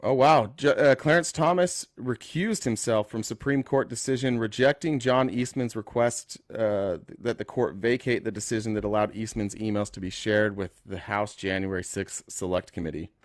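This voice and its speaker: A man hosting a live call-in political talk show, speaking casually, joking and thinking out loud as he reads the news. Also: fairly low pitch, normal speed, hardly any pauses, dry recording, clean studio sound. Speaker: host.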